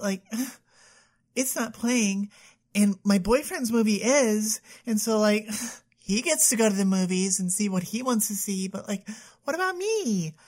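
A woman's voice: mid-range voice, a little mellow. A woman playing a self-absorbed young woman who vents to her therapist, whiny and furious, sighing a lot and filling her talk with "like". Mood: sulky. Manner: whiny, full of sighs and "like" fillers. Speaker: patient venting to a therapist.

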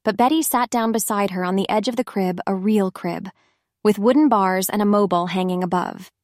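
A woman narrating a scripted story in an even, measured way. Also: mid-range voice, dry recording, studio quality.

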